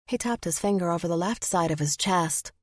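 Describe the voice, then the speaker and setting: A woman narrating a first-person audiobook, expressive in the character's flustered lines. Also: fairly low pitch, a little fast, dry recording, clean studio sound.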